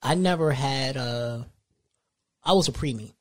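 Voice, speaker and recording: A man's voice: mid-range voice, a little slow. A young man chats casually as a podcast host. He tells stories with a lot of animation and jumps into other people's voices when he quotes them. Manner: animated storytelling, acts out quoted lines. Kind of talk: casual chat.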